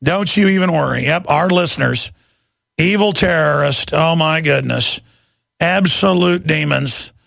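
A man hosting a talk radio show, ranting with impassioned heat in a rough voice into a studio microphone. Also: on the high side, fairly bright tone, no echo. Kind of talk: heated talk radio monologue.

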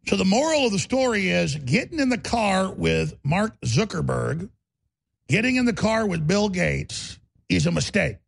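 Talk radio host, male, gravelly ranter with a husky bark, swinging wildly in pitch. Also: sing-song, measured pace. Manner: bellowing, emphatic rant. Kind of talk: ranting talk radio monologue.

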